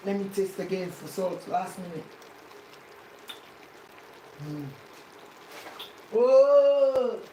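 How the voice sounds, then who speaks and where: Speaking slowly with long pauses, this woman has a lowish, dark voice and fairly even intonation, with slight background noise. She's a cooking vlogger giving a casual, chatty, repetitive demo in her home kitchen, sometimes going playfully sing-song amid roomy echo and faint ambience.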